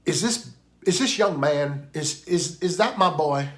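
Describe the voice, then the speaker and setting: A man's voice: fairly high pitch, animated, unhurried, fairly bright tone, voice pushed up. A man putting on a drawling Southern woman. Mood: warm, approving. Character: friendly older Southern woman in a store.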